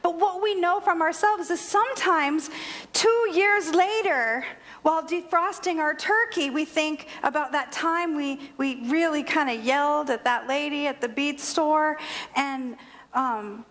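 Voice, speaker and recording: A woman's voice: high voice, measured pace, fairly bright tone. A woman minister giving a sermon, telling a personal story with humor and animation. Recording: long hall reverb.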